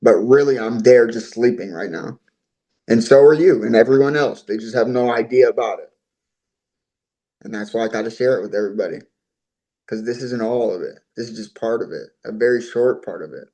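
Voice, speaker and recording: A man as an interview guest, telling his own story in a voice of average pitch. He talks on earnestly and at length, and he often repeats and restarts his words. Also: a little fast, mellow, low-quality recording. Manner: earnest, talkative, repeats himself.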